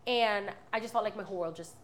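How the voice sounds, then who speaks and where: A woman's voice: medium pitch, fast, a little hiss or hum. A woman in her twenties giving a candid, rambling personal testimony as a podcast guest. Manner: candid, rambling, many fillers and restarts.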